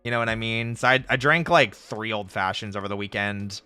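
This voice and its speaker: A man streaming casually, chatting with viewers in an animated, jokey way and laughing often. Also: lowish voice, fairly quick, clean tone, dry recording. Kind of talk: casual live-stream chat answering viewers. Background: faint background music.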